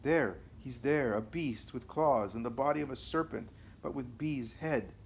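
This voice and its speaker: A man's voice: medium pitch, normal speed, a little hiss or hum, natural voice. A man reading the lines of the narrator's wife, a strong-willed woman who turns terrified.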